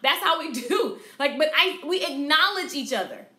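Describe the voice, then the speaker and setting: Southern salon lady doing a live business class, high bright voice, lots of repeating for emphasis. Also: moderate pace. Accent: Southern American. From Southern United States. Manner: energetic, emphatic, repeats points for stress. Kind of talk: live-streamed marketing class. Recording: echoey room.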